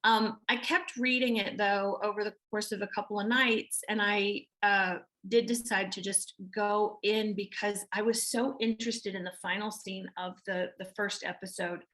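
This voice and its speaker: A woman's voice: mid-range voice, steady tone, normal speed, few pauses, a bit bright. A woman with a Southern American accent, an actress answering interview questions in a chatty way with many restarts and fillers. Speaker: actress guest.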